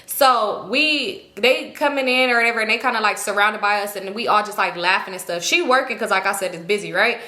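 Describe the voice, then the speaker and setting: A young woman vlogger telling a casual storytime, talking in an animated, slangy way and quoting the people in her story. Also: mid-range voice, fairly quick, hardly any pauses. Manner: animated, slangy, quotes others in small voices. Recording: echoey room.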